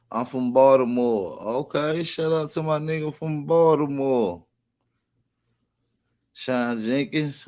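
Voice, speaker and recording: A man's voice: medium pitch, a little mellow. Slangy man hosting a casual livestream. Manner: slangy, reads out and greets chat viewers; plugs merch with repeated calls to shop. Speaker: livestream host.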